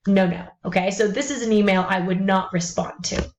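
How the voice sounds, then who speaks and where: A woman's voice: medium pitch, fairly even intonation, a little fast, lo-fi sound, slight background noise. A woman teaching college English, lecturing bluntly about email etiquette with sarcastic, exasperated asides.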